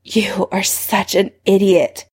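A woman's voice: medium pitch, level tone, slow, darkish tone, husky. A woman voicing a bitter teenage wizard who speaks with clipped resentment, in a story reading. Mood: resentful.

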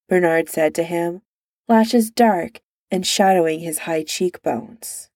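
A woman reads a story aloud at an unhurried pace, steady and even. Her voice is low in brightness and gravelly with fry. The recording is dry and close to the mic. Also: no room sound. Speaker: narrator. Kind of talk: reading fan fiction aloud.

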